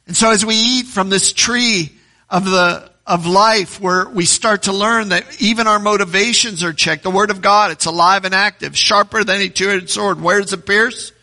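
Bright, gravelly-voiced preaching man. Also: sits high, steady tone, normal speed. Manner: reads scripture aloud, asks the congregation questions. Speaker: pastor. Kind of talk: sermon.

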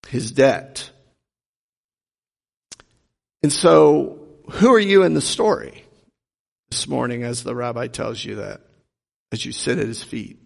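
A man's voice: mid-range voice, gravelly. A man preaching a sermon as a pastor, retelling a story earnestly and asking the congregation rhetorical questions. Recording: long reverb of a large hall.

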